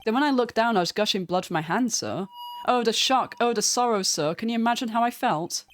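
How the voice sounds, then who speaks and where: A woman voicing a nervous, dramatic young male patrolman in a game read-through, with a high whiny voice that ends every line with sir. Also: brisk, slight background noise, lightly acted. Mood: anxious pleading.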